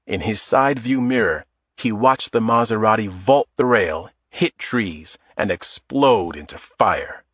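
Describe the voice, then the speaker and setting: A man narrating a thriller audiobook in a measured, dramatic storytelling manner. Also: on the low side, expressive, a bit bright, breathy edge, no echo. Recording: dry close studio sound.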